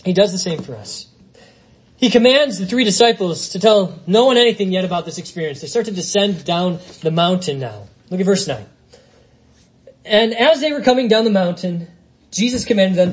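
A male pastor delivering an expository sermon, his voice sitting high for a man and swinging widely up and down as he stresses each point. He reads scripture aloud and keeps turning to the congregation with questions. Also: expressive, normal speed, slightly rough, rough recording. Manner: expository preaching with rhetorical questions and quoted scripture.

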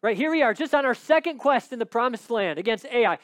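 A man preaching a sermon and reading scripture aloud. He rises high when he stresses a point, then drops low and quiet. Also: animated, brisk, few pauses, no echo, clean studio sound.

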